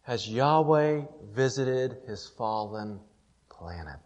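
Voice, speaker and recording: A man preaching a sermon as pastor, emphatic, with rhetorical questions and dramatic slowdowns. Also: mid-range voice, expressive, darkish tone, muffled recording. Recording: long reverb of a large hall.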